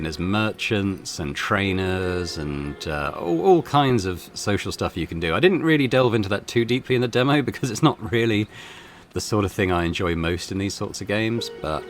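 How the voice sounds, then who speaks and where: A man with a low but lively voice casually talking through a game, poking fun at his own attempts. Light background music plays beneath. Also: brisk. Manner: self-deprecating, relaxed asides. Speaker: gaming channel host. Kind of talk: casual let's-play commentary.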